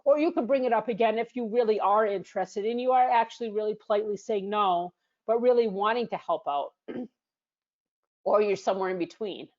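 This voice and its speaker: A woman's voice: mid-range voice, a little fast, a little mellow, dull audio. An American woman coaching business English in a screen-share lesson, explaining with frequent fillers and restarts. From United States.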